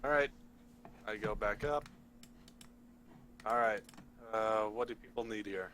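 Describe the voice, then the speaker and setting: A man's voice: fairly low pitch, unhurried, fairly bright tone, slight background noise. A man playing in a tabletop role-playing game, casual and chatty. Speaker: player.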